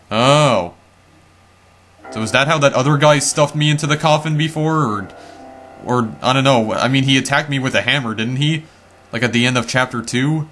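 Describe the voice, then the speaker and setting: A man's voice: medium pitch, fairly bright tone, a little hiss or hum. A man commenting on a video game as he plays it, often repeating his words when he is unsure. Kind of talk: let's-play commentary.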